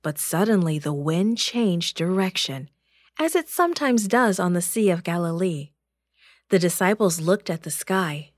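A woman narrating a Bible story for children in a slow, clear and expressive way. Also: on the low side, dry recording, clean studio sound.

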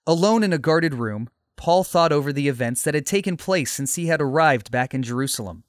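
A male storyteller reads a scripted story in a steady, measured voice. His pitch sits a little high, and the sound is close and dry with no room echo.

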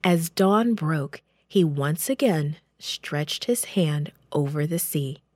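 A woman reading a children's Bible story aloud in a gentle, expressive storytelling voice. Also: deep voice, slow pace, no room sound, studio quality.

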